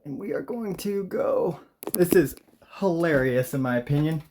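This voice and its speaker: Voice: medium pitch, animated, moderate pace, background noise. A tutorial host talking casually and wryly, reading out typed commands. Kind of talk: casual screen-recorded tutorial.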